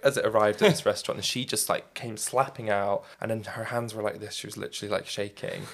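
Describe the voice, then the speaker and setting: A man's voice: on the low side, fairly even intonation, fast, gravelly. A man telling a long anecdote in casual chat, rambling and filling his talk with "like". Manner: rambling storyteller, fills talk with "like". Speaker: guest fashion designer.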